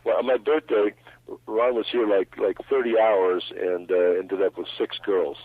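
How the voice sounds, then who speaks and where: A man's voice: lowish voice, steady tone, moderate pace, no room sound. Man telling stories down a phone line. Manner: rambling anecdotal storyteller. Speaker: interview guest. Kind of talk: phone-in radio interview. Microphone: telephone. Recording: tinny dry phone line.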